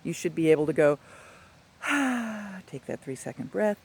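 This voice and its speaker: A man working as a dog trainer, giving an instructional talk in a chatty, animated way with playful asides. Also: fairly high pitch, unhurried, vocal fry, slightly rough.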